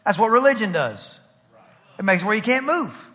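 A man's voice: high-pitched, big pitch swings, normal speed, sharp tone, long reverb tail. A man, a pastor, preaching a sermon in a rhythmic style with repetition and acted-out stories. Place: church sanctuary.

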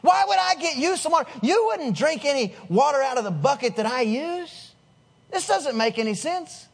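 A man acting out a sharp-tongued, skeptical woman at a well during a sermon, incredulous and challenging. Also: extremely high pitch, animated, moderate pace, voice pushed up.

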